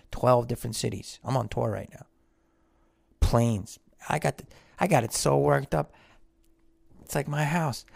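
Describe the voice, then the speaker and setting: A man's voice: medium pitch, vocal fry, darkish tone, breathy edge, no echo. A man who is an actor and podcast host, delivering a blunt, profane, rambling monologue in casual talk. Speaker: actor on tour.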